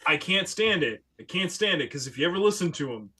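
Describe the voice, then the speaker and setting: A man co-hosting a casual podcast, ranting in a profane, animated way. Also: sits high, brisk, slightly rough. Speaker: co-host.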